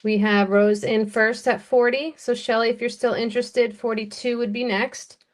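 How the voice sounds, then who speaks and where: Speaking with an American accent, this woman runs a jewelry auction over live stream, taking her time and chatting as she calls out bids and talks through every item. Her pitch is a little high and her delivery is flat.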